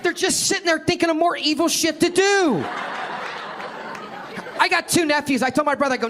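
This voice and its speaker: A man's voice: very high-pitched, brisk, long pauses. A male stand-up comedian doing a brash, profane set and working the crowd. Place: comedy club stage. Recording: live club with crowd noise. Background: audience laughter and room noise.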